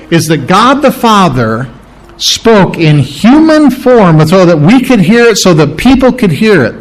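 Man preaching a conversational sermon. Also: sits high. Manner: conversational teaching with questions to the congregation; restarts and repeats words while thinking aloud. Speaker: pastor.

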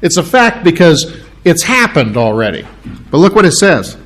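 A man's voice: on the high side, big pitch swings, fairly bright tone. Man preaching a verse-by-verse sermon. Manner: halting, with frequent restarts and throat-clearing. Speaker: pastor. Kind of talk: expository sermon.

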